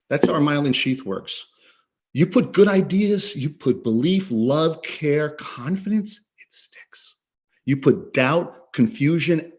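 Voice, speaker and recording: Earnest, emphatic man on a video call. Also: mid-range voice. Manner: earnest, emphatic, repeats words for stress. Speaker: coach and guest speaker. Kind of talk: interview conversation. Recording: slightly dull lo-fi audio.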